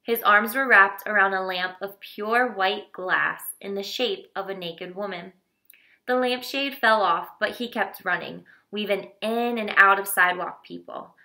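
A woman narrating a children's novel in a steady, expressive reading voice. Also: mid-range voice, a little slow. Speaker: audiobook reader.

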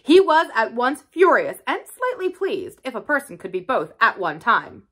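A woman reading a classic novel aloud for a library, telling it in an expressive storytelling way. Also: on the high side, moderate pace. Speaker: library reader.

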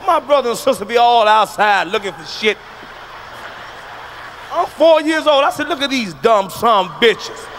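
A middle-aged man from the United States doing a loud, profane stand-up comedy routine on stage, telling punchy stories. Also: very high-pitched, animated, moderate pace, slight background noise. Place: stage before a live audience.

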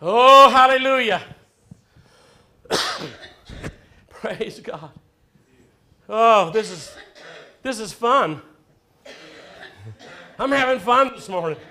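A man preaching in a church, exuberant, shouting praises and singing in between. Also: sits high, animated, drawn-out words, pauses often. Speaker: pastor. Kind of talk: sermon. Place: church sanctuary.

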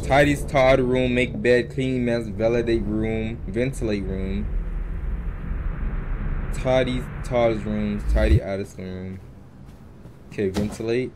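A young man giving casual, animated let's-play commentary, joking and trash-talking the game's characters. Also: fairly low pitch, slow, pauses often, background noise. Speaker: gaming YouTuber. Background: video game music.

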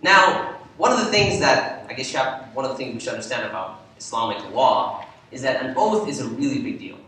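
A man, an imam, gives a talk in a church, telling an animated story to warm up the audience. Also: mid-range voice, a little fast, slight background noise. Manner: animated storyteller, lively when quoting. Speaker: imam giving a presentation. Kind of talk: lecture with storytelling. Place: church hall. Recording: echoey hall, from far off.

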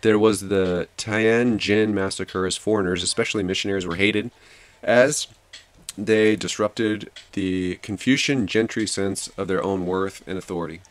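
A man's voice: low voice, steady tone, unhurried. A man hosting a study channel, summarizing and explaining a history book in a casual way, thinking aloud with fillers and restarts. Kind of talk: casual study-guide commentary.

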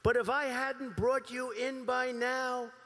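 A man's voice: very high voice, level tone, takes it slowly, bright, forceful tone, pitched above the performer's own voice, heavily acted. A man reading as a tender-hearted woman. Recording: long arena reverb.

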